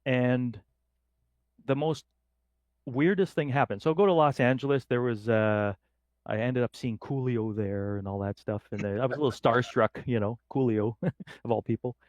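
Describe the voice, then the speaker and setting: Middle-aged guy from up north in canada telling a story on a podcast, animated, does little voices for people, mid pitch, dry sound. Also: normal speed, no room sound. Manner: lively, acts out quoted voices in his anecdotes. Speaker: podcast guest. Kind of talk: casual storytelling.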